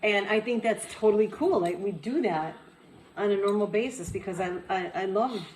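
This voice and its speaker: A woman's voice: mid-range voice, moderate pace, a little mellow, reverberant, low-quality recording. Casual co-host, woman, teasing and rambling, faint noise under the voice. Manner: teasing, rambling, repeats words. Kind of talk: casual couple banter.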